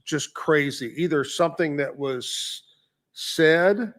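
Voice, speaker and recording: Chatty higher-voiced male radio host. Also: slow, fairly bright tone. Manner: chatty, laughs often, reads off music history notes. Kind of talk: casual on-air chat.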